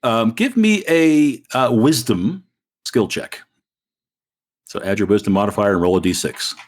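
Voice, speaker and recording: A man's voice: on the low side, a little slow. A man narrating as game master in a loose, filler-heavy way. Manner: relaxed, wordy, with many fillers.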